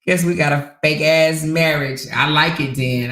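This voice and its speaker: A woman's voice: deep voice, measured pace, creaky, fairly bright tone, roomy sound. A woman hosting her own channel, chatting bluntly and profanely and laughing often as she comments to her viewers. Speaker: channel host. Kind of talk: casual live-stream commentary.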